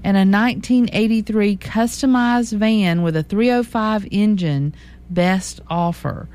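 A woman's voice: medium pitch, a little mellow. Southern woman reading local ads on air. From American South. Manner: slow, careful reading of listings and phone numbers. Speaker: local radio co-host. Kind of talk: casual chat and reading classified ads.

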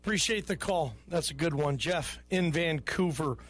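A man's voice: fairly high pitch, moderate pace, fairly bright tone, no echo, soft background music. A man hosting a sports call-in radio show, loose and chummy with callers. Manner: loose, chummy, calls callers bro and brother. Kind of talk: casual call-in radio talk.

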